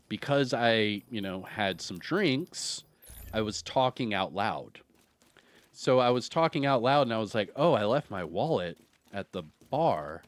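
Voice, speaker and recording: Rambling man streamer telling stories. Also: mid-range voice. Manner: rambling, animated storyteller who laughs and uses many fillers. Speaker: video game streamer. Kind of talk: casual storytelling while streaming.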